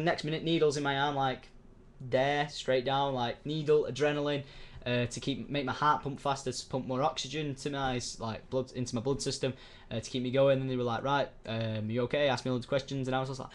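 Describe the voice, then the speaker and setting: A man's voice: mid-range voice, steady tone, brisk. A young man telling a story in a casual vlog, rambling and swearing, acting out the voices of the people he quotes. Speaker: YouTuber.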